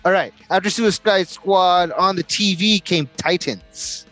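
Profane, rambling man with a high voice. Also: a little slow, faint music behind. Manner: profane, rambling, animated storytelling with mock voices. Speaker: podcast co-host. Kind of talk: casual podcast banter.

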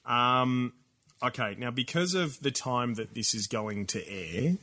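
A man co-hosting a casual gaming podcast, chatty and prone to excited outbursts. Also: a little slow. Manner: excitable, laughs often, pitch jumps when hyped. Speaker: podcast co-host. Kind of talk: casual chat.

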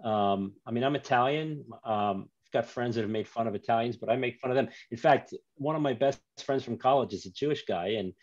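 A man's voice: medium pitch, brisk, hardly any pauses, a little mellow, no room sound. A man, a guest author and documentary maker, telling rambling stories in an easy, self-mocking way in a casual interview chat. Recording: dull lo-fi sound.

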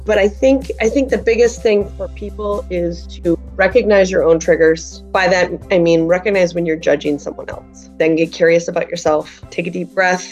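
A woman's voice: on the low side, steady tone, moderate pace, few pauses, a little mellow, soft background music. A woman parenting coach giving earnest advice in a podcast conversation, sometimes acting out example dialogue.

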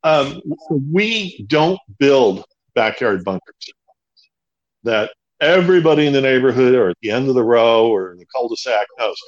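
A man with a medium-pitched, animated voice speaks at a moderate pace, and the audio sounds dull. He's the founder of a bunker company, appearing as a guest in a conversational interview. He talks emphatically, repeating words to drive his points home.

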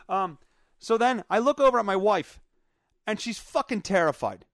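A man's voice: high-pitched, moderate pace, no room sound, clean studio sound. Profane rambling man telling a story. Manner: rambling, profane, animated retelling. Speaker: podcast host. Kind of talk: casual storytelling monologue.

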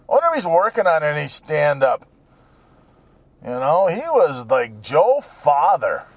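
A man rambling from the driver's seat, jumping from one joke to the next. His voice sits high and bends up and down a lot, while his pace stays slow and unhurried. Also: no room sound. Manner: jokey, digressive, with many fillers. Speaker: solo talker. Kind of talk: rambling casual monologue. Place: inside a car while driving.

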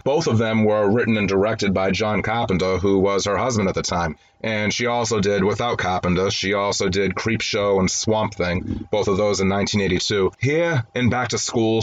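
A man with a fairly low voice hosts a film review show, walking listeners through movie setups. He talks in a chatty, conversational way, with dry, wry asides along the way. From grew up in an Italian-American home.

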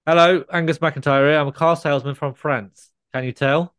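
A man as a cheesy male car salesman, smooth voice, corny punchlines, dry close sound. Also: fairly high pitch, fairly even intonation, moderate pace, a bit bright, no room sound, lightly acted. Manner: corny punchline delivery, stammering gag voice.

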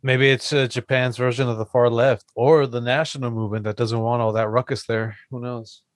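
A man's voice: medium pitch, level tone, brisk, no echo. A man in a casual podcast chat tosses off wry jokes and the odd swear word. His voice sounds dry and close to the mic.

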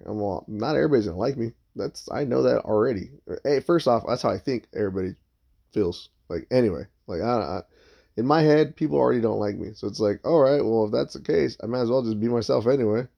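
A lowish, creaky male voice carries a rambling, casual work story packed with profanity. He plays out what others said in their voices, and the sound is dull and lo-fi.

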